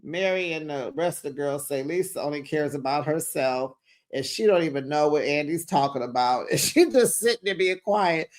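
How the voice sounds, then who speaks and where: A host giving a casual, gossipy recap of a reality-TV reunion, sassy and quick to laugh. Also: medium pitch.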